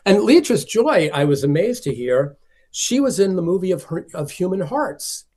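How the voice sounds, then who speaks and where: Man telling lively anecdotes, fairly high voice. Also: moderate pace. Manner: animated, acts out the voices of people he quotes. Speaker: film collector interviewed as guest. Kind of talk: conversational storytelling.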